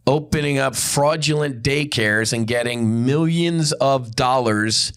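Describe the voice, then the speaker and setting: A man's voice: medium pitch, takes it slowly, hardly any pauses, a bit bright, clear, resonant tone. A man hosting a podcast, delivering an angry, profane and blunt unscripted monologue. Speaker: podcast host.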